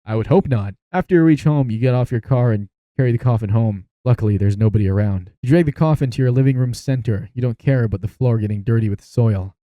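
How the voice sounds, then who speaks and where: A man's voice: medium pitch, fast, hardly any pauses, no room sound, dull audio. A man playing an interactive horror story game, reading the text aloud and breaking off for amused asides. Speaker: gaming YouTuber.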